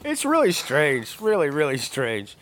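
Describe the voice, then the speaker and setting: A man's voice: on the high side, wildly swooping pitch, unhurried, fairly bright tone, slight background noise. A man hosting a podcast, chatting casually about movies in a rambling way and laughing often.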